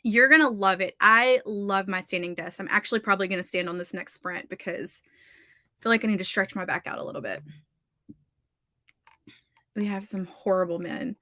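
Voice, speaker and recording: A woman's voice: mid-range voice, brisk, pushed and bright, dry recording. A woman with a Southern accent hosting a livestream writing session, chatting casually and reading out viewer comments, gushing and saying "like" a lot. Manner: chatty, gushing, heavy use of "like". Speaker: livestream host of writing sprints. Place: her home office.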